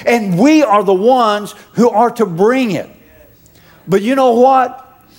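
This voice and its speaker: A man preaching a sermon to a congregation, asking them questions and calling out louder as he builds. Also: very high-pitched, slow. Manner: preachy, calls out to the congregation with rising shouts. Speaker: pastor.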